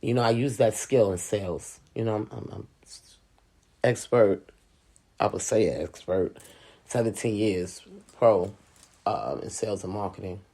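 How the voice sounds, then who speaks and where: A middle-aged woman and sales professional, chatting casually and telling a story in an animated way, with lots of "you know.". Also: extremely low pitch, a little slow, long pauses. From Hispanic and Native American heritage, US. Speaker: school speaker, sales professional.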